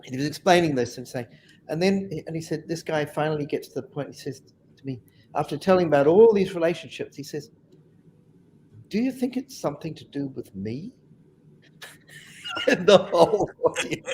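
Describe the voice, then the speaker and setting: A man's voice: fairly high pitch, normal speed, darkish tone, a little hiss or hum. A man on a webinar panel telling funny anecdotes in a chatty way and laughing at his own stories.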